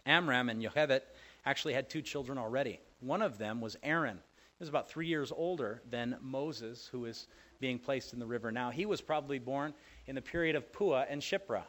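Male preacher, mid-pitched voice, expressive sermon delivery, loud stresses and soft asides. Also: normal speed. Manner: conversational, asks the listeners questions. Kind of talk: sermon, Bible teaching.

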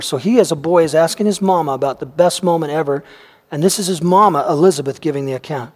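Earnest preacher in a reverberant hall. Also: male voice, fairly high pitch, quick pace. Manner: earnest, trailing off softly at phrase ends. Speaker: pastor. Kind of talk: sermon with a read story.

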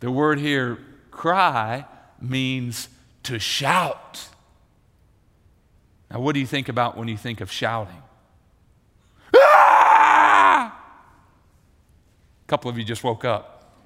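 A man's voice: medium pitch, unhurried, long pauses, sharp tone, in a large hall, a little hiss or hum. A male pastor preaching a sermon, telling the story vividly and speaking to the children in the congregation. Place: church.

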